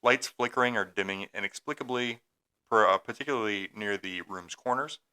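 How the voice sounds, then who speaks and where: A young man with a deep, clear, resonant voice reads a haunted-hotel story for a casual podcast. He stumbles over his notes at times but keeps the narration going. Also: a little fast, bright, forceful tone. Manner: reads a script with stumbles, then jokes and laughs. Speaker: podcast co-host telling a ghost story.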